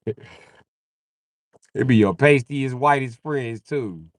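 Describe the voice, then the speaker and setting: A man's voice: mid-range voice, slow pace, no room sound. A young man riffing crudely on a live comedy stream, jumping into voices. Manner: crude, animated, jumps into voices.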